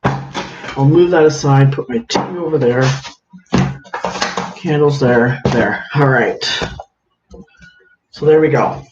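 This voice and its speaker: A man's voice: medium pitch, takes it slowly, long pauses, music in the background. A man chatting casually on a home livestream, greeting viewers by name as he works at a counter. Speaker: livestream host. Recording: echoey room, dull lo-fi sound, faint hiss.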